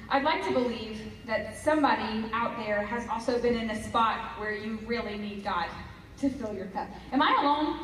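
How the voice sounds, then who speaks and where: Female preacher, storytelling style, slightly high pitch, chatty asides; roomy hall sound, distant mic. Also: a little hiss or hum. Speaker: guest speaker. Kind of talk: storytelling sermon.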